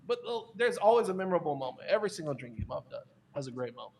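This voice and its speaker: Man, podcast guest, animated storytelling, slightly high pitch, fillers and restarts. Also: racing. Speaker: guest, content creator. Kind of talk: casual podcast interview.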